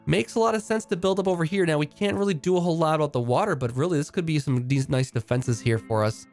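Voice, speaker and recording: A man's voice: a little high, fast talker, darkish tone, faint music behind. A man giving casual, upbeat commentary while playing a video game, thinking aloud with frequent fillers and restarts. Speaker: game streamer.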